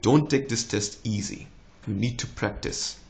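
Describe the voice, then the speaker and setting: A man's voice: measured pace, vocal fry. Encouraging young man, slight American tinge. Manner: relaxed, encouraging, with lively rises in pitch. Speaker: doctor giving exam tips. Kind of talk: casual advice vlog.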